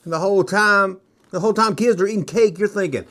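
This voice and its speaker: A middle-aged man hosting a nostalgia toy video, rambling casually and joking, slipping into quick kid impressions. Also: high-pitched. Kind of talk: casual rambling show-and-tell commentary.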